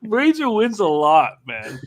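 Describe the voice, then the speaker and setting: A man's voice: high-pitched, wildly swooping pitch, takes it slowly, slight background noise. A man in his forties chatting casually as a co-host, swearing and hyping up his friends. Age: 40s. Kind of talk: casual live-stream banter.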